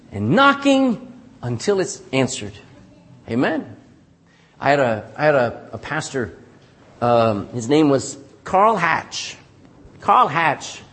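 A man pastor preaching a sermon, animated and calling out for "amen" from the congregation. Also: on the high side. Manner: animated preaching with frequent call-and-response "amen".

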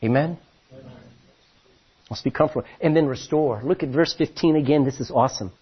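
A man preaching a sermon as pastor, telling stories in an animated way with many restarts, his voice a little husky. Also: fairly high pitch, fast talker, lo-fi sound.

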